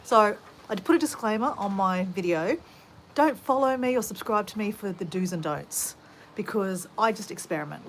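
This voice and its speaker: A woman's voice: mid-range voice, moderate pace. A rambling, chatty Australian woman talks to her viewers from her home garden, greeting people as she goes. She speaks into a phone camera, with a faint hiss behind her voice. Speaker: vlogger. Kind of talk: casual chat to live viewers while gardening.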